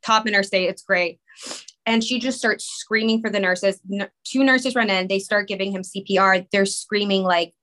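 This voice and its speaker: A woman in her thirties, a guest on a talk show, telling an emotional personal story in a rushed, rambling way full of "like". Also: mid-range voice, fairly even intonation, a bit bright. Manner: rushed, rambling, many "like" fillers. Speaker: podcast guest, mother.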